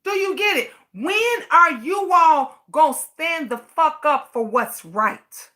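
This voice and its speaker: A high, bright-toned woman vents at the camera in a slow, deliberate rant. She is furious and swears freely, hammering on the same rhetorical questions. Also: expressive. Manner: outraged, profane, repetitive rhetorical questions. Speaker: vlogger.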